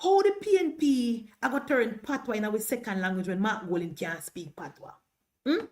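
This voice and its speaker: A woman's voice: fairly high pitch, animated, normal speed, darkish tone. A Jamaican woman in her thirties giving impassioned political commentary on a livestream, slipping into patois as she talks. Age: 30s. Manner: impassioned, mixes patois into speech.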